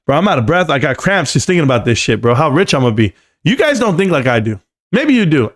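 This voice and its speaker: Animated joking man streaming live. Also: on the high side, quick pace. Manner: joking, rambling, says "bro" constantly; standing at a desk while talking. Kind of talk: casual live stream chat.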